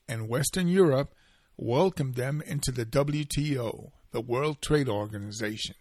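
A man presenting a short scripted opinion segment in a measured, deliberate way. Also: on the high side, gravelly, dry recording, clean studio sound.

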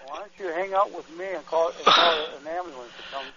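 A restaurant manager, a man, answers the phone politely but haltingly, talking fast. His voice sounds far off on a dull phone line. A busy crowd is heard clearly behind him. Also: on the high side. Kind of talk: phone order-taking.

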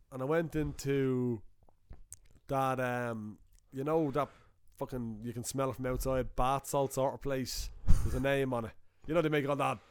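A man's voice: mid-range voice, clear, resonant tone, no echo, clean studio sound. Swearing Dublin man telling a story. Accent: Dublin Irish. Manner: profane, animated storyteller. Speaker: podcast co-host. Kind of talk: casual chat, anecdote.

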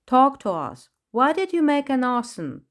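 In a storybook reading, a woman pitches her voice above her own to play an irritated peacock, a bossy, fussy male detective grilling a villain. She speaks high and insistently at a measured pace, her pitch swinging widely.

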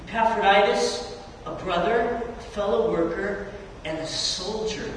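Middle-aged male preacher, very high voice, storytelling sermon that swells and falls, heard from far off in a church hall. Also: lively intonation, a little slow, background noise. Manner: storytelling preacher, voice surging high and loud on quotes then dropping soft. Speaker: youth pastor.

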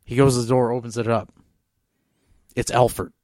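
With a mid-range, slightly mellow voice, a podcast co-host rambles casually through a long story, restarting often and using lots of fillers. His tone stays level at a moderate pace, and the recording is dry and studio-clean.

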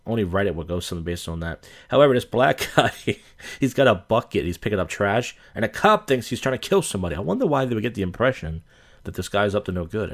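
A man with a very low voice hosts a live stream and comments on clips. His delivery is sarcastic and offhand, with dry jokes tossed in casually. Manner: sarcastic, offhand, mock-impersonating.

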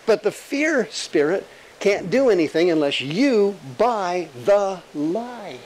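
A male pastor preaching an animated, emphatic sermon full of rhetorical questions and jokes. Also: high voice, takes it slowly, rough recording.

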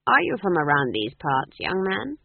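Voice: medium pitch, wildly swooping pitch, creaky, slightly rough, no room sound, phone-quality sound, exaggerated voice. A narrator voicing a stern, unflappable old witch who speaks levelly and dryly, in an audiobook. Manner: level, dry, unhurried.

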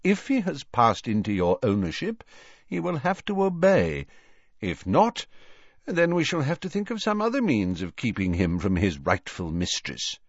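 A man voicing a calm, courteous old male wizard who speaks politely and measuredly, in a dry, slightly dull recording. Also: mid-range voice, no room sound. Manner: polite, measured, gently ironic.

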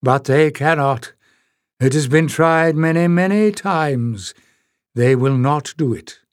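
Audiobook figure: man playing a proud, scornful piper elder, higher-pitched, clipped and forceful, dry close sound. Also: slow pace, no room sound. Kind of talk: audiobook character reading.

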